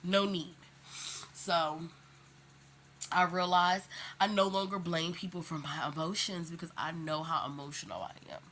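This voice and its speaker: Bright-voiced woman talking candidly. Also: fairly low pitch, a little slow, pauses often, a little hiss or hum. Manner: emphatic, slangy, rambling with many fillers. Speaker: vlogger. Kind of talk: casual candid monologue.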